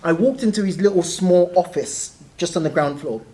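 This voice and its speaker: A young man, a guest telling animated stories in a casual interview and often laughing as he talks. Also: sits high, moderate pace. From South East London.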